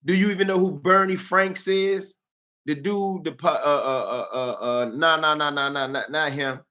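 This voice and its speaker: Animated, bright-voiced DC man ranting. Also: fairly high pitch, moderate pace, lo-fi sound. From Washington, DC. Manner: animated, mocking, streetwise banter. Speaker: live-stream host. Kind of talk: live-stream commentary.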